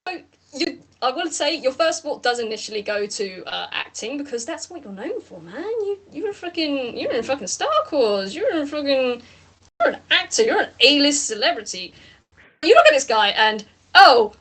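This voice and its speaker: A woman narrating as game master of a tabletop role-play, rambling and animated, with casual swearing. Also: high-pitched, moderate pace.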